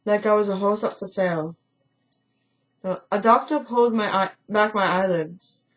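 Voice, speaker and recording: A woman's voice: mid-range voice, moderate pace, natural voice. A woman doing an indignant young passenger. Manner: indignant, complaining.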